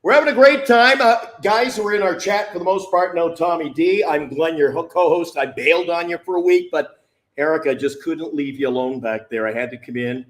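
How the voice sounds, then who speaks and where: A man's voice: on the high side, a little fast, a bit bright. A man co-hosting a live sports talk show from a remote call, upbeat and jokey. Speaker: co-host. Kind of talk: casual chat. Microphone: phone or laptop on video call. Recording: echoey remote call audio.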